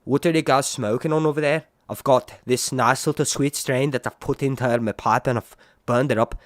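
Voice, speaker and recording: A man's voice: medium pitch, fairly even intonation, normal speed, no echo, studio quality, lightly acted. A man putting on a northern English accent from Manchester, laid-back and casual.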